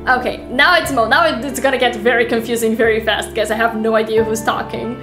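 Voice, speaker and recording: A young woman streaming a horror game, reading the text aloud with animated, giggly reactions between stretches of calm narration. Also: on the high side, quick pace, over music. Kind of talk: reading a horror visual novel aloud while playing.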